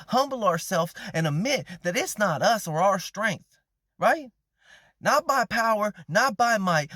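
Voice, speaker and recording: A man with a notably high voice preaches in an easygoing, conversational way, dropping slang as he retells a story. The sound is dry and close, with no room echo. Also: pushed and bright. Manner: conversational, slangy, acts out quoted characters. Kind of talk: casual sermon retelling a Bible story.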